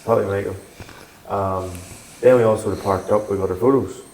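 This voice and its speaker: A man's voice: lowish voice, fairly even intonation, normal speed, darkish tone. A man co-hosting a podcast in casual chat, hesitant and using fillers. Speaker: podcast co-host. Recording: echoey room with faint noise.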